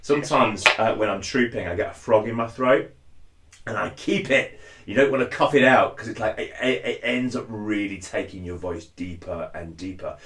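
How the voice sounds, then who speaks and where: A man's voice: moderate pace, a bit bright, a little hiss or hum. A man, casually explaining a cosplay voice technique and chatting as he demonstrates. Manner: chatty, drops into deep impressions of lines. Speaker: cosplayer giving a tutorial. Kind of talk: casual spoken tutorial. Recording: echoey room.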